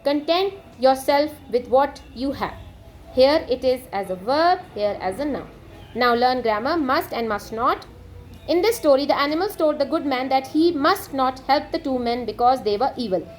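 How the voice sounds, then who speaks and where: High-voiced woman teaching an English lesson. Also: moderate pace. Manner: reads items then explains, steady and methodical. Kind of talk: textbook lesson explanation.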